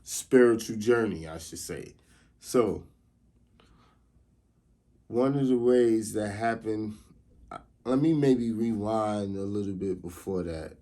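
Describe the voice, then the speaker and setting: Low, mellow-voiced man rambling casually. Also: slow pace, pauses often. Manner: rambling, loose, constantly says "you know what I mean". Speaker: host. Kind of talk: casual storytelling monologue.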